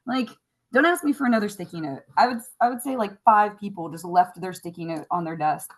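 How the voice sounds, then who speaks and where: A woman teacher going over a math test on a recording, chatty and wry, thinking out loud as she works. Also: medium pitch, expressive, fairly quick, slightly rough, low-quality recording. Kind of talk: recorded classroom lesson review.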